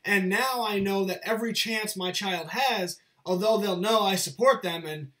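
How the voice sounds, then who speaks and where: A man's voice: high-pitched, moderate pace, sharp tone. A young man, a show's host, talking in an earnest, lecturing monologue and repeating his points. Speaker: channel host. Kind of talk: casual monologue to camera.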